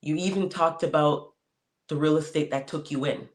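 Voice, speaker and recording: A man hosting a podcast, talking casually and telling stories with animated, laughing energy. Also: fairly high pitch, moderate pace. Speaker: podcast host. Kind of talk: casual conversation.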